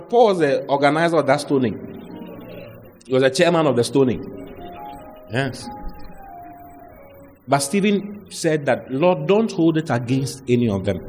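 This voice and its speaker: Animated man preaching. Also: mid-range voice, long reverb tail. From Ghana. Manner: animated preaching with humor and dramatized quotes. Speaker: pastor. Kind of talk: sermon.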